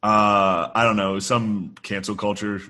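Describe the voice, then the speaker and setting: Podcast co-host, man, thirties, low voice, loose profane storyteller, casual comedy chat. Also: little pitch movement, a little slow, pushed and bright.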